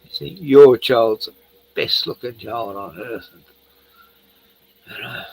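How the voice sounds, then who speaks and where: A man's voice: mid-range voice, takes it slowly, gravelly, slight background noise, poor audio. An older Australian man hosting a casual livestream, rambling and swearing freely while tipsy from a few beers. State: tipsy from beer. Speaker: livestream host.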